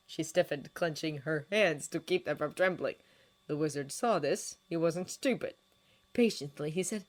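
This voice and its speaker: A woman reading a fanfiction story aloud, with measured, expressive narration. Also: low voice. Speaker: fanfiction reader.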